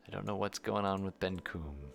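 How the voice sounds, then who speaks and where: This man runs a tabletop game for his players in a low, easy voice. He talks casually and warmly apologetic, narrating scenes between banter. Soft music plays quietly beneath him. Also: normal speed, creaky. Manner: relaxed, apologetic, chatty narration. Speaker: game master. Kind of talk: running a tabletop game on a livestream.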